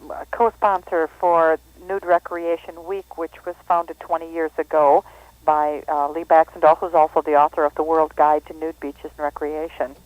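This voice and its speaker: A man's voice: fairly high pitch, flat delivery, moderate pace, no echo. A man speaking as a guest on a radio interview, matter-of-fact and reassuring. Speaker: phone-in guest. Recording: tinny phone line, very dry.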